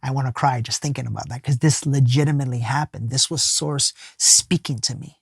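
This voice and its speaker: A man's voice: mid-range voice, fairly even intonation, fairly quick, vocal fry, husky, no echo. Earnest man telling a story in a dry room. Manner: earnest, emphatic, drops to a soft hush for inner thoughts; casual speech with many fillers and restarts. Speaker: podcast guest, life coach. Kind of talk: personal storytelling in an interview.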